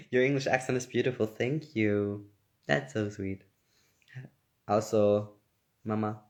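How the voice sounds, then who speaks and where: A young man, and his speaking voice sits a little low. He chats loosely on a phone livestream, reading out fan comments and breaking into laughter often. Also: takes it slowly, long pauses, fairly bright tone. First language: German. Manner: laughs often, reads comments aloud, playful. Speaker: actor answering fan questions. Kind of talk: casual livestream chat.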